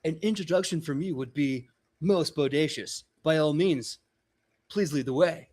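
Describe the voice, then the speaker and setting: A man's voice: a little high, moderate pace, darkish tone, close to an everyday voice. A man voicing a laid-back young male adventurer who mixes formal phrasing with surfer slang. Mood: delighted.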